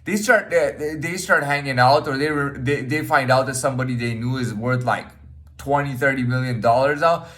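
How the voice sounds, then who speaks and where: A podcast host with a medium-pitched, fairly bright voice talks at a moderate pace in a casual, rambling monologue. He's blunt and swears freely, repeating himself and leaning constantly on fillers, restarts, and "man."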